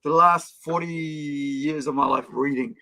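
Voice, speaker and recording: A man's voice: a little high, steady tone, unhurried, pushed and bright. A man, hosting a live stream and chatting casually in a rambling way with lots of fillers. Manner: rambling, with many fillers and restarts. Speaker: stream host.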